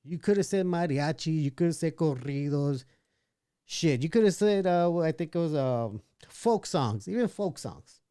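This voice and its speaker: A man's voice: a little high, lively intonation, normal speed, mellow, clear, resonant tone, no echo, clean studio sound. A man hosting a casual livestream, reading chat messages aloud and giving his opinions with frequent restarts. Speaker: livestream podcast host.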